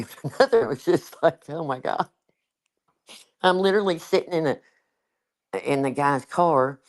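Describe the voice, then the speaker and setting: A man tells stories in loose, rambling chat. He leans on fillers and laughs often as he talks. His pitch sits in a middle range for a man. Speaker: guest. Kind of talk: casual chat.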